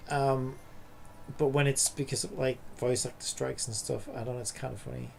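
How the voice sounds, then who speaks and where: A man's voice: medium pitch, steady tone, normal speed, vocal fry, a little mellow, a little hiss or hum. A man streaming a game, chatting casually and rambling with lots of filler words. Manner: rambling, lots of "like" and "you know". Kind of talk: casual commentary while gaming.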